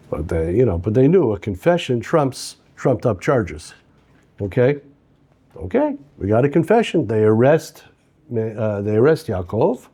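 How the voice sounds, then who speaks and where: Animated man telling a story. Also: medium pitch, breathy edge. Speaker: teacher. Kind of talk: storytelling lesson.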